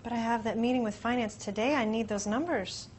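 A woman's voice: fairly high pitch, brisk, darkish tone, slight background noise, lightly acted. An actress playing a stressed woman manager in a training video, anxious and pressing.

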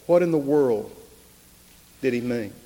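A man preaching an impassioned sermon, building to loud emphatic peaks. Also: medium pitch, expressive, a little slow. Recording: long reverb of a large hall.

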